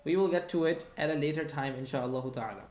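Teacher, mid pitch, patient and checking in with the class, recorded with noticeable room echo. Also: fast, a little mellow. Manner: patient, checks understanding with frequent "hmm?" and repeats key phrases. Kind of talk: online Arabic grammar lesson, reading student comments. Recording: roomy echo.

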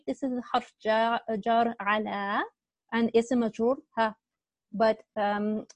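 A woman's voice: on the high side, darkish tone, dry recording. A woman teaching an online Arabic grammar class, explaining step by step and often checking with students, with a slight cough.

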